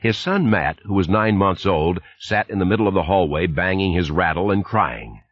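A man narrating an audiobook in a lively, expressive reading. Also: deep voice, moderate pace, no echo, dull audio. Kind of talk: scripted narration.

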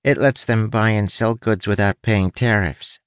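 A man's voice: on the low side, steady tone, measured pace, clean tone, dry recording, voice pushed up, natural voice. A man voicing a wry, chatty male rat in a storybook, his voice pinched and squeezed. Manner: teasing, chatty.

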